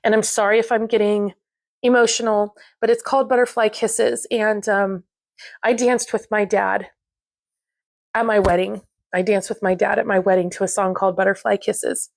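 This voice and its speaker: A woman craft vlogger chatting casually to camera while unboxing, gushing and excitable, with lots of fillers. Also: medium pitch, normal speed, creaky, no echo.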